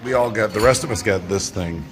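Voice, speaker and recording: A man's voice: on the low side, fairly quick, music in the background. A man hosting a travel and food vlog, chatting casually with friends in a joking, self-mocking way. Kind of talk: casual chat.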